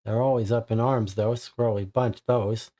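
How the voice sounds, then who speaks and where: A man's voice: fairly low pitch, fairly even intonation, normal speed, mellow, natural voice. Sly toothless gossip, as a man puts him on. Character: squirrely toothless small-time male informant.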